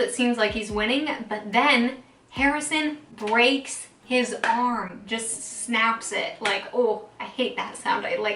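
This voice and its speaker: A woman's voice: a little high, pushed and bright, reverberant, distant mic, slight background noise, low-quality recording. A young woman casually recapping TV episodes, chatty and full of fillers as she retells scenes and quotes characters. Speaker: TV recap vlogger.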